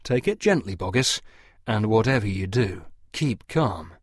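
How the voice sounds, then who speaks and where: A man's voice: lowish voice, expressive, unhurried, slightly rough, no echo, studio quality. A man voicing a fussy middle-aged antique dealer who pleads in a breathless, fluttering way as if unwell. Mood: anxious inner voice.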